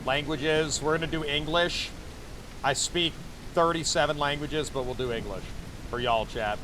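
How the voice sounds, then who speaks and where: Joking male game streamer, slightly high. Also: fairly even intonation, moderate pace, background noise. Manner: joking, chatty, talks to himself while playing. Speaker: VTuber streamer. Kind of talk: casual gaming commentary to chat.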